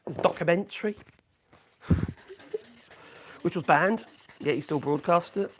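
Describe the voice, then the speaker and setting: A man's voice: high voice, slow, a little hiss or hum. A man hosting a live stream, giving blunt, rambling, opinionated commentary on the news.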